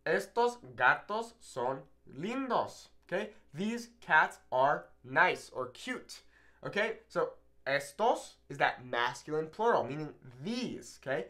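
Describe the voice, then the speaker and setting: A young man gives a relaxed, upbeat lesson at a whiteboard. His pitch swings a lot as he works through one example after another. He keeps checking in with his listeners. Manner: casual, upbeat, many "okay"s and repeated examples. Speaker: Spanish teacher. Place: classroom with a whiteboard.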